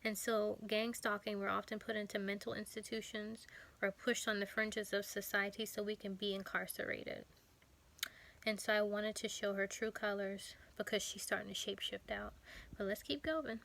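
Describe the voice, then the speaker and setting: A woman vlogger giving a personal testimony, talking earnestly with frequent pauses and fillers. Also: medium pitch, fairly even intonation, creaky, a bit bright. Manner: halting, earnest, many fillers.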